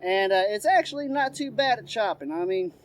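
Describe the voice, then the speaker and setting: A loud, eager redneck man who hollers and drawls "y'all" as he shows off his gear, put on by a man. The voice sits high and sounds rowdy throughout. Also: lively intonation, fairly quick, slight background noise. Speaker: host. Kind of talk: product review.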